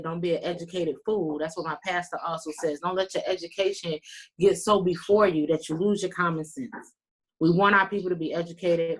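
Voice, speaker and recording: Low-voiced talkative woman. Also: slightly rough. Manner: talkative, earnest, folksy. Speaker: panelist. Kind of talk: round-table closing remarks. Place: virtual meeting. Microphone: video call.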